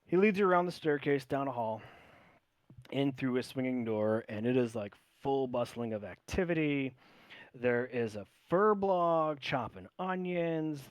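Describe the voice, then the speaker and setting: A man narrating a tabletop game as game master, relaxed and rambling with lots of fillers. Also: mid-range voice, a little slow, clean tone, dry recording.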